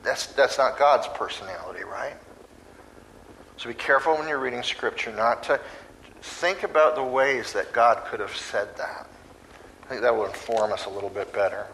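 A man delivering a sermon at an ordinary middle pitch. His delivery is conversational and lively, and he slips into acted voices at times. A faint hiss sits under the recording. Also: normal speed, low-quality recording. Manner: conversational and animated, acts out voices. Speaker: preacher.

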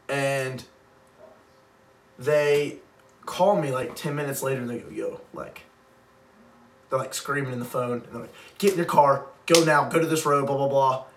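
Young male co-host, rambling storyteller who laughs a lot; off-mic, echoey room, light hiss. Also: medium pitch. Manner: rambling, laughs often, heavy use of "like". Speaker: podcast co-host. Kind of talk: casual storytelling chat. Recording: roomy, distant mic, faint background noise.

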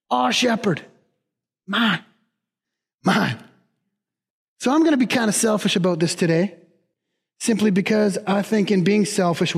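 A man with a high voice preaches a sermon in a church, animated and emphatic. He keeps repeating key words for weight. His voice rings with a long reverb from the hall. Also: creaky. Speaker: pastor.

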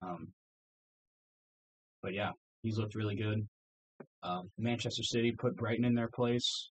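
A man casually recapping football results on a podcast, relaxed and full of ums. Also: lowish voice, measured pace, breathy edge, rough recording. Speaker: podcast co-host. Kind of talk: casual sports chat.

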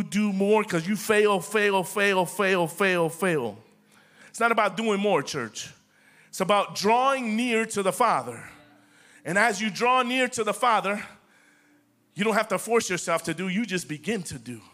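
High bright-voiced preaching man. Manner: impassioned preaching, repetitive, addresses the congregation as church. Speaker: pastor. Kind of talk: sermon.

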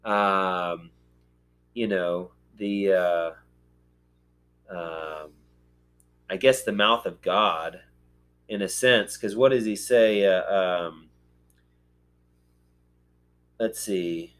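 A man's voice: deep voice, extremely slow, pauses often, a bit bright, clean tone. A man hosting a podcast, talking through scripture casually and thinking aloud with frequent ums and uhs. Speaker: podcast host. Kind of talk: casual Bible discussion.

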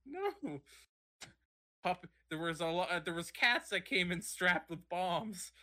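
A man's voice: sits high, takes it slowly. A young man in crude, casual chat with friends, swearing and joking. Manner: swearing, joking, laughing, animated.

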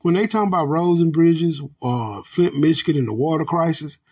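A man's voice: fairly high pitch, fairly quick, a little mellow, slightly rough. An American man hosting a podcast, ranting bluntly with heavy profanity and calling his listeners family. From United States. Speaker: podcast host. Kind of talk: angry ranting commentary.

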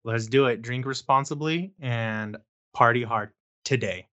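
A man's voice: mid-range voice, a little slow, bright, forceful tone. A man co-hosting a whiskey podcast in casual chat, teasing and joking. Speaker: podcast co-host.

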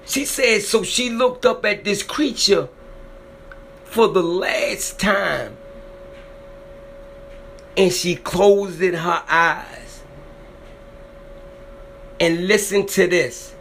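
His voice sits high and creaky, extremely slow with frequent pauses and a slightly bright tone, plus a little hiss or hum. The man emotionally retells someone's frightening encounter, dramatic and repeating himself, his voice swelling as feelings rise.

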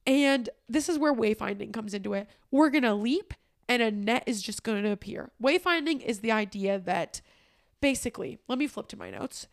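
A woman's voice: on the high side, lively intonation, normal speed, vocal fry. Tearful young woman podcast host. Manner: candid and tearful, often swearing, emphatic. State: crying at times. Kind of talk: personal, emotional solo podcast talk.

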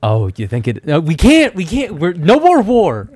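A man co-hosting a podcast in casual chat, animated and quick with asides, laughing often. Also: fairly high pitch. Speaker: podcast co-host.

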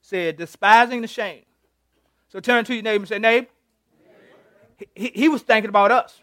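High-voiced pastor preaching in a dry room. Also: male voice, moderate pace, pushed and bright, dry recording. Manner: conversational, teasing the congregation, retells scripture with playful voices. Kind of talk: interactive sermon.

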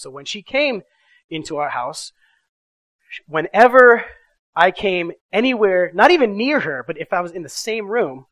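A middle-aged man preaching a sermon, telling a personal story with animated swings from loud to hushed. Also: a little high, dry recording. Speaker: pastor.

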